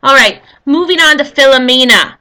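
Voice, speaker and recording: A woman's voice: high voice, moderate pace, pushed and bright. A woman giving a casual, rambling history lesson, full of jokey asides to her viewers. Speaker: history video host.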